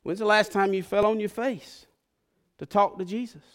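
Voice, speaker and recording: A man's voice: sits high, steady tone, normal speed, clear, resonant tone. Emotional preacher, man. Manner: emotional, conversational preaching that swings from hushed to fervent. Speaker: pastor. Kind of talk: sermon.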